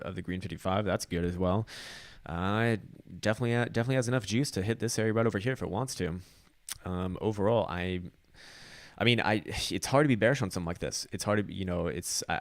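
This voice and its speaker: A man with a deep, low voice talks through market charts at a brisk clip. He rambles, swears casually and stumbles over restarts and fillers. The sound is dry and close, with no room around it. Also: no room sound. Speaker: crypto chart analyst. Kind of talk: casual market analysis commentary.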